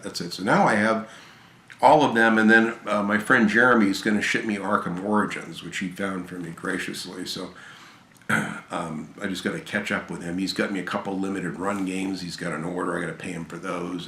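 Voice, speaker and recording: A tired, hoarse man chatting casually and gratefully about games he received, rambling with fillers and restarts. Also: sits low, bright, forceful tone, echoey room. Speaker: gaming channel host. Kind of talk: casual video chat about game pickups.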